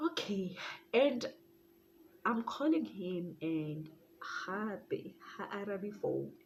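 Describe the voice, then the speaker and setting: Lively South African woman storyteller. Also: medium pitch, slight background noise, rough recording. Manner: animated, laughs often, slips into Zulu phrases. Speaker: YouTuber. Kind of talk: casual storytime vlog.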